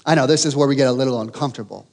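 A man preaching a sermon, telling a humorous story with animated, self-mocking delivery. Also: medium pitch, racing, in a large hall. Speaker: pastor.

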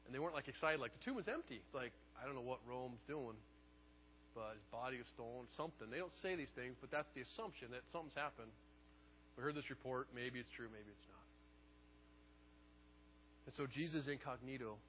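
A man preaching a sermon, telling the story in a lively way and acting out the quotes. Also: mid-range voice, brisk, long pauses, long reverb tail, muffled recording, slight background noise. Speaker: pastor.

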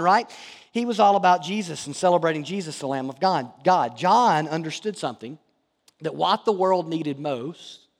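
A man's voice: sits high, in a large hall. A man preaching a sermon as pastor, earnest and emphatic, often asking rhetorical questions.

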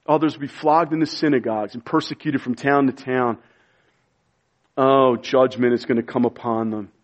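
Man preaching to a congregation, fervent and pleading, recorded on muffled low-fidelity audio. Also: fairly even intonation, moderate pace. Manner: impassioned, pleading preaching with sudden quiet drops. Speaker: pastor. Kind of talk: sermon.

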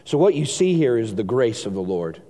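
A man's voice: mid-range voice, very animated, fairly quick. Man preaching in a reverberant hall. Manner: reads scripture aloud, swinging between hushed and emphatic. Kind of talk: sermon.

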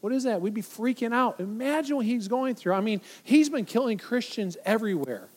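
A man delivering a sermon in a high-pitched voice, pressing his points with repetition. His delivery swings between loud emphasis and hushed lines when he voices quoted speech. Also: animated, moderate pace. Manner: emphatic, repeats phrases for weight; acts out quoted voices, from loud to near silent. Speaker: pastor.

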